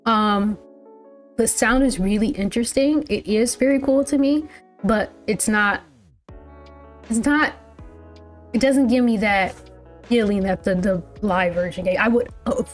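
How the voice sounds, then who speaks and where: A woman's voice: medium pitch, unhurried, long pauses, soft background music. Chatty woman rambling through a reaction. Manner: rambling, chatty, full of "like" and restarts. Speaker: music reaction channel host. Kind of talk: casual reaction commentary.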